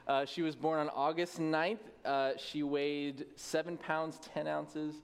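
A man in his thirties speaks as the lead pastor of a church, in a voice pitched a little high. He is tired, chatty and self-deprecating, and he laughs easily while giving announcements. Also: little pitch movement, takes it slowly, creaky, clean tone. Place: church sanctuary.

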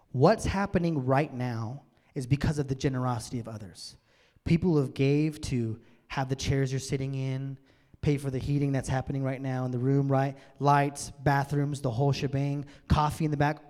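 A man preaching a sermon as a pastor in a church, swinging from loud emphatic bursts to near-whispers. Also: medium pitch. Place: church sanctuary. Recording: long church-hall reverb.

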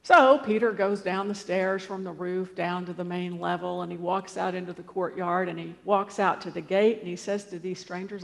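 A woman's voice: on the low side, fairly even intonation, moderate pace, gravelly, few pauses. A woman preacher retelling a scripture story in a conversational way, with asides and fillers. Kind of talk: storytelling sermon. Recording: long hall reverb.

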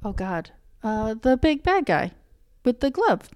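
A woman co-hosting a casual chat about a TV show, talking in a blunt, animated way and laughing easily. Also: fairly high pitch, unhurried.

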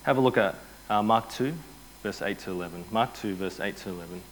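A man preaching a sermon as pastor, telling the story with energy and dropping to a hushed voice for quoted lines. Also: fairly low pitch, a little fast, a little hiss or hum. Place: church.

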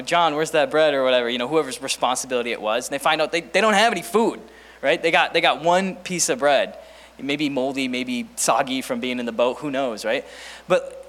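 Male pastor, casual sermon delivery, mid pitch, long hall reverb. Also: fairly bright tone. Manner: conversational, many fillers and restarts, asks the room questions.

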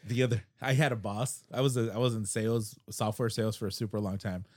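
A young American podcast host with a Chicago accent chats casually and tells jokey stories, laughing often. His voice is on the low side and darkish, quick, with fairly even intonation.

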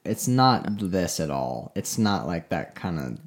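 Male podcast co-host, lively pitch, chatty, meandering, restarts a lot. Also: unhurried. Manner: rambling, full of fillers and restarts. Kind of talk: casual chat.

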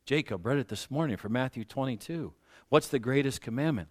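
Pastor preaching, slowing for emphasis. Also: male voice, medium pitch, animated. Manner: slows down for emphasis and rises loudly on key points; self-deprecating asides with light laughs. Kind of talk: sermon.

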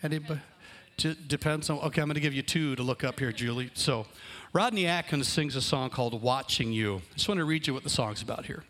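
A man, a pastor and father, preaching a relaxed, conversational sermon to his congregation. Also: mid-range voice, fast talker. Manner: conversational, explaining plans aloud. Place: church hall with congregation.

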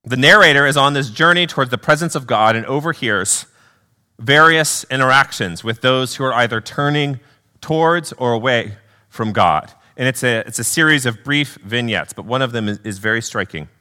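A man's voice: medium pitch, normal speed, sharp tone. A man giving an earnest sermon, asking questions and restarting phrases as he goes. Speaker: preacher.

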